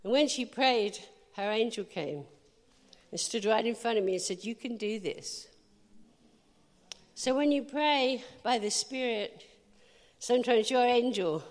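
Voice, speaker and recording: A woman preacher giving a sermon, telling lively stories and speaking directly to the congregation. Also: on the high side, long reverb tail. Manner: lively storytelling, quick asides to the audience. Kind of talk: sermon with anecdotes.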